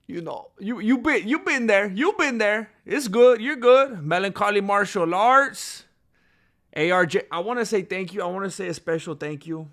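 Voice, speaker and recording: A man hosting a livestream, chatting casually and excitedly in slangy, animated storytelling. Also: high voice, moderate pace. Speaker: livestream host.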